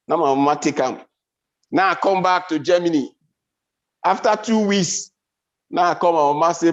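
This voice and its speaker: A man from Nigeria with a Nigerian Pidgin accent, telling stand-up comedy stories with animated swings in his delivery. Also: normal speed, long pauses, dull audio. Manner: animated storytelling, big pitch swings.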